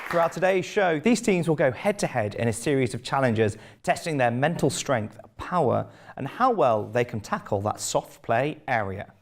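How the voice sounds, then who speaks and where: A man's voice: mid-range voice, expressive, moderate pace, hardly any pauses. A man hosting a comic game show, announcing in a mock-grand, theatrical way.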